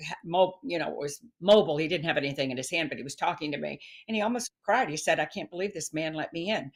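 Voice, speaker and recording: A middle-aged woman, a guest expert on stress, chatting in an interview and telling stories with animated quoted voices. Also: on the low side. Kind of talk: casual interview chat.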